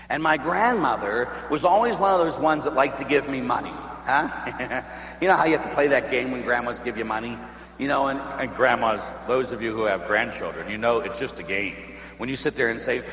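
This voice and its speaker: A man, a Catholic priest, preaching a sermon as an animated storyteller who acts out the dialogue. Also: on the high side, a little fast. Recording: echoey hall, faint hum.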